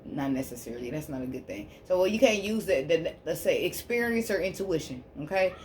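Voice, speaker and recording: A woman giving a tarot reading on her channel, preaching fervently to her listeners and softly repeating prayerful invocations as she draws cards. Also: fairly low pitch, animated, a little fast, a little hiss or hum. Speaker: spiritual healer and tarot reader.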